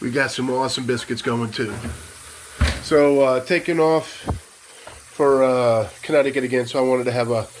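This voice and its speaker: Man van-lifer, folksy and rambling, average pitch, handheld phone sound with light background noise. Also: normal speed. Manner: folksy, rambling, calls viewers "folk". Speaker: vlogger living in a van. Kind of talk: casual vlog chat. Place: outdoors by water and inside a van.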